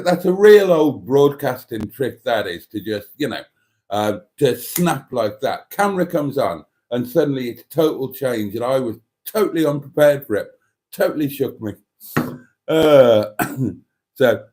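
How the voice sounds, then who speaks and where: A man's voice: mid-range voice, animated, unhurried, darkish tone. A man hosting a casual livestream, reading out viewer comments in a chatty, jokey way. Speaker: livestream host.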